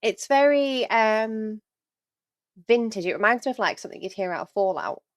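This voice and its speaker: A woman's voice: a little high, expressive, a little hiss or hum. Chatty woman hosting a reaction video. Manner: enthusiastic, chatty, pauses to comment. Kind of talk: casual chat.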